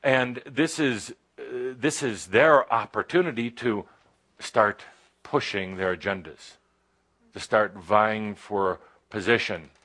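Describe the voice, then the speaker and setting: A man giving a channeled spiritual talk to a live audience indoors, halting and full of pauses and fillers, with playful asides. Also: fairly low pitch, fairly bright tone. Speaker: spiritual teacher channeling a guide.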